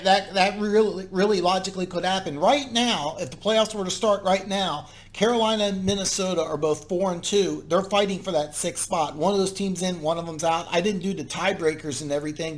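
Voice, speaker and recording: List: man, high-pitched, casual football talk, emphatic, repeats himself. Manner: emphatic, repeats phrases, frequent filler restarts. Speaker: football commentary host. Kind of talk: casual solo sports recap.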